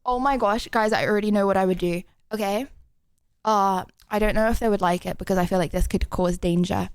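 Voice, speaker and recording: A woman's voice: medium pitch, steady tone, fairly quick, clear, resonant tone, no echo, clean studio sound. A young woman streaming, chatting casually with lots of giggles and rambling fillers. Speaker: livestreamer.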